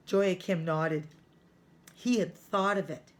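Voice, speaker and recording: A woman teacher reading a chapter book aloud to children, careful and clear. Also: medium pitch, animated. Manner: slow, careful read-aloud.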